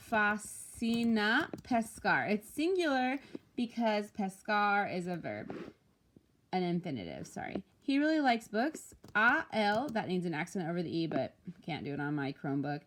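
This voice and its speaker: A woman Spanish teacher walking through homework answers, explaining patiently and slowing down to pronounce each Spanish example. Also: on the low side, very animated, a little hiss or hum. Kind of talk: recorded homework walkthrough.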